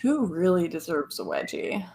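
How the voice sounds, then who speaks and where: Woman, Canadian accent, slightly low pitch, chatty, laughs often, casual livestream guest. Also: huge pitch swings, normal speed, gravelly, a little mellow, breathy edge. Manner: chatty, laughs often, many filler likes.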